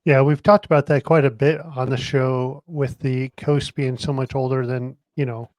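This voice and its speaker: A man hosting a casual interview podcast, asking questions in a halting way and pausing to search for words. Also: mid-range voice, level tone, darkish tone, no room sound. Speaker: podcast host.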